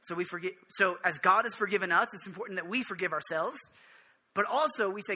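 Bright, high-voiced man preaching earnestly. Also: husky. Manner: earnest and jokey, quick restarts, direct address to listeners. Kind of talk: informal sermon teaching on prayer.

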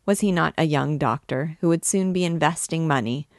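A woman reading a novel aloud as a literature teacher, in a steady, expressive way. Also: sits low, moderate pace, dry recording, studio quality.

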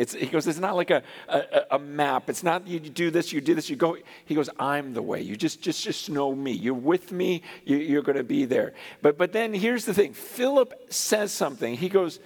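A middle-aged man preaching a sermon in a conversational, animated way, acting out the voices he quotes. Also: fairly high pitch, moderate pace. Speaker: pastor. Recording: long hall reverb.

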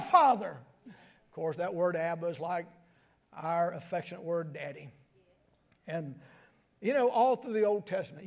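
An older man preaching a sermon, moving between quiet asides and sudden high, shouted emphasis.

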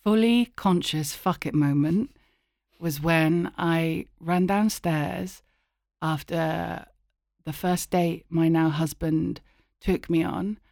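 A woman's voice: low-pitched, slow pace, gravelly, no echo, studio quality. A woman, a guest in an interview, telling a story animatedly and acting out the voices. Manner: animated, acts out voices in anecdotes. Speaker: guest, actor and writer.

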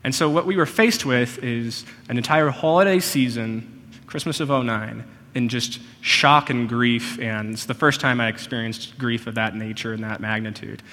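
A male pastor delivering a sermon in an earnest, personal way. His voice sits in the middle range, and he often slows right down on key phrases. The sound carries a long reverb, as in a large hall. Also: mid-range voice, bright, forceful tone.

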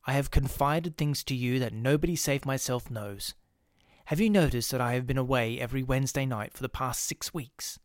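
A man reading the part of an obsessed male church organist, speaking in a hushed, urgent way that turns pettish. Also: medium pitch, brisk, no room sound, clean studio sound, lightly acted. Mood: confiding.

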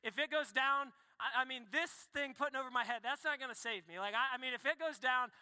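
A young man preaching a sermon, casual and animated, full of quick asides. His voice sits high and sounds bright and sharp. The recording carries the long echo of a large hall. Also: smooth. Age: young adult. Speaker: pastor. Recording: echoey hall reverb.

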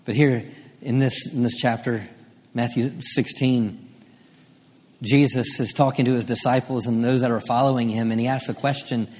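A male pastor preaching a sermon, moving from quiet teaching to rising, emphatic delivery. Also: mid-range voice, steady tone, normal speed. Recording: long hall reverb.

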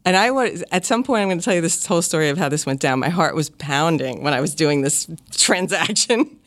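A woman's voice: low-pitched, a little fast. A middle-aged woman co-hosting a podcast, chatting casually and giggling through her stories. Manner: giggly, chatty, animated storyteller. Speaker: podcast co-host, mother. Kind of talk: casual family chat.

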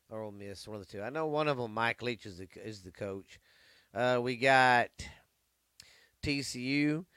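A male sports host who rambles and swears freely through casual chat. His voice is bright and crisp, recorded close and dry. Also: mid-range voice, dry recording. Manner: rambling, profane. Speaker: podcast host.

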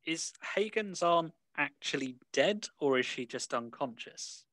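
A man's voice: a little high, lively intonation, unhurried, a bit bright, no echo. A man playing a tabletop game, easygoing, who asks the game master questions about the scene. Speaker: player. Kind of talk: casual tabletop play.

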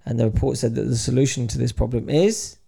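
A man's voice: mid-range voice, quick pace, gravelly, warm tone. A man, chatting casually and acting out both sides of an anecdote. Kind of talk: casual chat.

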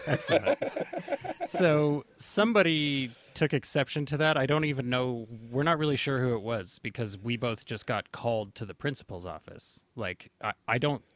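A man's voice: mid-range voice, normal speed, slight background noise. A man co-hosting a podcast, chatting loosely and joking, laughing often. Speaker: podcast co-host. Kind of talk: casual chat.

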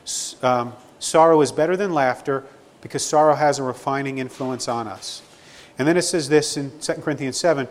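A man's voice: medium pitch, fairly quick, a little hiss or hum. A man, a Christian counselor, answering a question in an earnest, reflective way, with frequent restarts. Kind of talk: spoken Q&A teaching. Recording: long hall reverb.

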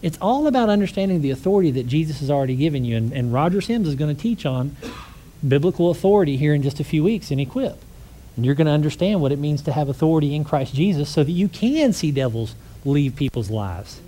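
A man preaching a conversational sermon, telling stories with lively energy and asking the congregation rhetorical questions. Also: fairly high pitch, fast, a little hiss or hum.

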